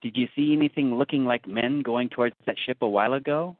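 A man's voice: medium pitch, brisk, no room sound, close to an everyday voice. A man voicing a strange, ominous male sailor prophet who speaks in old seafaring dialect and veiled warnings, on a tinny, dry, phone-like recording. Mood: cryptic.

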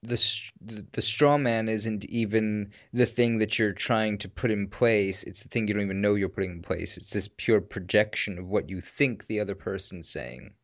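A man's voice: lowish voice, normal speed, hardly any pauses. A man in casual chat who talks thoughtfully, searching for words and restarting as he goes.

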